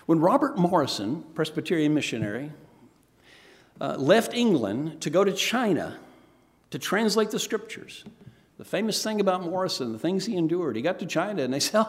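Animated gravelly preacher in a big hall. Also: male voice, on the high side, normal speed. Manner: storytelling, animated, acts out quoted voices. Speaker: former pastor, missionary speaker. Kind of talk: sermon. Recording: reverberant hall.

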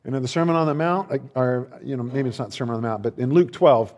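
A fast-talking male pastor gives a loose, conversational sermon, restarting often and putting on other people's voices in playful dialogue. His mid-range voice is a little mellow, and the long reverb of a large hall surrounds him.

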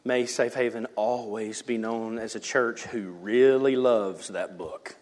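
A man's voice: on the low side, steady tone, takes it slowly. Man preaching in an echoey church. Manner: dynamic preaching, swings from shouts to whispers. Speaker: pastor. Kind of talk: sermon. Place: church sanctuary. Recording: church hall reverb.

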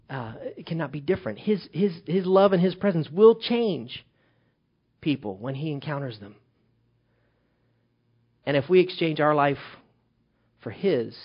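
A man preaching a sermon as pastor, swinging from loud emphatic calls to hushed, quiet lines. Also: fairly high pitch, husky, muffled recording.

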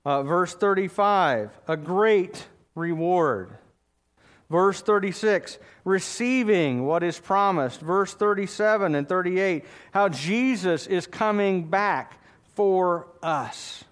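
A man's voice: high-pitched, lively intonation, slow pace. A man preaching a sermon as pastor, emphatic and calling out for amens from his congregation. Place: church.

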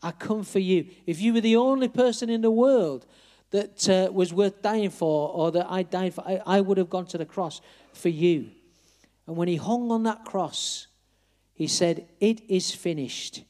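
A man's voice: high voice, moderate pace, mellow. A man preaching an evangelistic sermon, earnestly appealing straight to his listeners.

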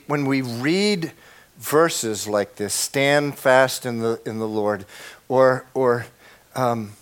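A man preaching a sermon, dropping to a hush and then rising to loud, impassioned lines. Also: medium pitch, smooth. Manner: swings from hushed to shouting, acts out prayers. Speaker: pastor.

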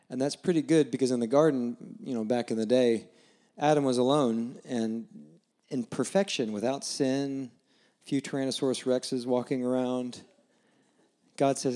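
Speaking at a moderate pace, a guest preacher in his forties relates a personal experience in a conversational sermon style. Quoting scripture, he lowers his voice and softens it.

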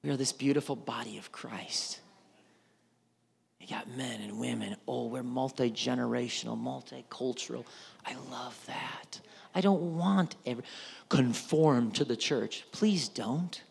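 A male pastor with an unhurried, gravelly, medium-pitched voice and a breathy edge delivers a casual, conversational sermon, cracking jokes and acting out voices.

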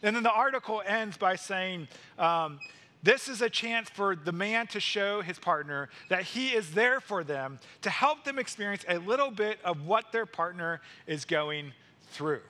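Middle-aged male pastor, high bright voice, earnest repetitive preaching. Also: animated. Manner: earnest, repetitive preaching cadence, slowing for emphasis. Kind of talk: sermon.

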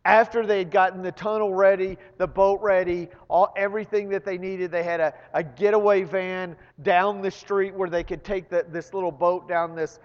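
A man's voice: sits high, fairly even intonation, moderate pace, few pauses. Male pastor, sermon storyteller who repeats words as he restarts, muffled recording in a large echoing church hall. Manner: storytelling, building to loud emphatic peaks. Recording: long reverb, dull lo-fi sound.

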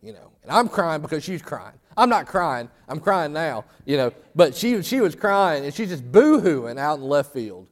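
A man's voice: fairly high pitch, big pitch swings, moderate pace, few pauses. A man preaching a sermon, telling a folksy story and rising to fervent emphasis. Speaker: pastor. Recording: long hall reverb.

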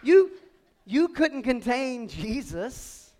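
A pastor preaching a lively sermon to a congregation and calling on them to repeat words back. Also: male voice, very high voice, very slow, background noise. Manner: animated preaching with call-and-response to the congregation. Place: church sanctuary before a congregation.

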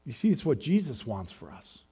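A man preaching a sermon as pastor, swinging between hushed, searching questions and loud, rising calls to the congregation. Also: mid-range voice, huge pitch swings, brisk, husky. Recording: long hall reverb.

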